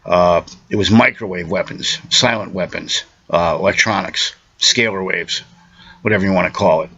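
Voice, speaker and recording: A man with a lowish, bright and forceful voice lecturing the listener in an urgent, insistent monologue. He stops and restarts with fillers between points. The recording is dull and lo-fi, like a home video. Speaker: self-made video speaker. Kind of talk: direct-to-camera monologue.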